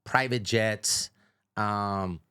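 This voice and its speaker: Profane, animated middle-aged man. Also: fairly low pitch, drawn-out words, clear, resonant tone. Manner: profane, animated, says "bro" often. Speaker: podcast guest, radio host. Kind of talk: casual storytelling.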